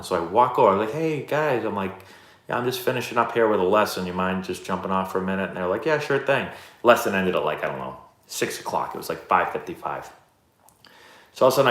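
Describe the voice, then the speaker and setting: A man in his thirties hosting a live stream, answering chat questions in a relaxed, rambling, self-deprecating way. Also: fairly low pitch. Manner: laid-back, rambling, self-deprecating storyteller. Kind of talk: casual chat. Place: indoor room, live stream. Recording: roomy echo.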